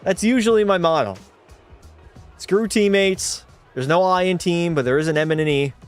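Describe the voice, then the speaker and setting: Brief: young male streamer, higher-pitched voice, excitable play-by-play with swearing, music underneath. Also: normal speed. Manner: excitable, swears, chats with viewers. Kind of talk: live gameplay commentary.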